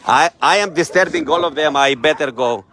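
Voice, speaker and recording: A man's voice: fairly high pitch, brisk, background noise. A middle-aged man with a Greek accent, running an animal shelter, who talks to the camera in simple, slightly broken English and coaxes his dogs by name. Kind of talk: casual vlog talking to camera and dogs.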